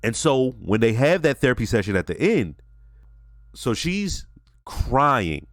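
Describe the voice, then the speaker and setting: A man hosting a TV reaction channel, giving a casual, animated and profane episode review while talking straight to his viewers. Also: medium pitch, slow pace, pauses often, no room sound, clean studio sound.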